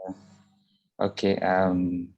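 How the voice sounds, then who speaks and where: A man with a Nigerian accent introducing himself in a measured, deliberate way on a video call. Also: sits low, completely flat delivery, gravelly, highs cut off. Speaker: developer participant. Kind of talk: self-introduction in an online meeting.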